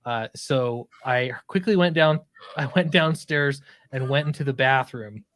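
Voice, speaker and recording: A man's voice: medium pitch, a bit bright, dry recording. Laughing, self-mocking man telling a story. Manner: self-deprecating, laughing, halting restarts. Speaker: podcast co-host. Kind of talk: casual storytelling chat.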